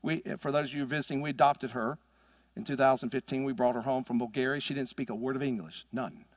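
A middle-aged man preaching a sermon as pastor, swinging from loud emphatic peaks to quiet asides. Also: mid-range voice, fairly even intonation, fast talker, no echo, clean studio sound. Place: church sanctuary.

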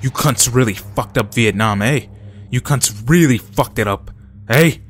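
A man voicing a grinning, aggressive wild old man who yells and taunts. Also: medium pitch, measured pace, breathy edge. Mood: yelling, taunting. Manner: yelling, taunting.

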